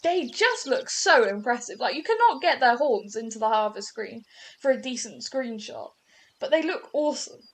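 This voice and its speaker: A woman's voice: a little high, expressive, normal speed. Chatty woman narrating gameplay. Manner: chatty, rambling, self-correcting. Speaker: gaming channel host. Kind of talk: casual gameplay commentary.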